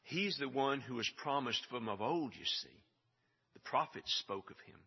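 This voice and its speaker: A man's voice: mid-range voice, lively intonation, normal speed, creaky, breathy edge. A man preaching a sermon, emphatic and building to stressed repeated phrases. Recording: dull sound with long hall reverb.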